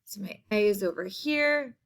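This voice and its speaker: A woman teacher giving a spelling lesson to children, slow and patient, repeating each word clearly. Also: mid-range voice, expressive.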